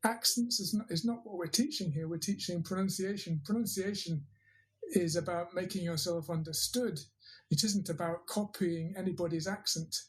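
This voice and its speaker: An English teacher and trainer gives a thoughtful interview answer, often hesitating and starting over. The voice sits at medium pitch and moves at a moderate pace, and the recording quality is low.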